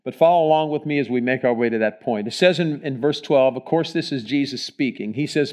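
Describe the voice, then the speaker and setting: Male pastor, sermon in a church, shifts from loud to hushed. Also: mid-range voice, quick pace, few pauses. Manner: preaching with sharp swings from loud emphasis to hushed prayer; leads the congregation in reading aloud together. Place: church sanctuary.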